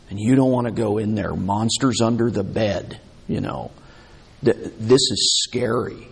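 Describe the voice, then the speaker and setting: Slow-spoken husky preacher in a hall. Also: male voice, mid-range voice. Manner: conversational, acts out the people's complaints with emphasis. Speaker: pastor. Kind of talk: expository sermon. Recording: long hall reverb.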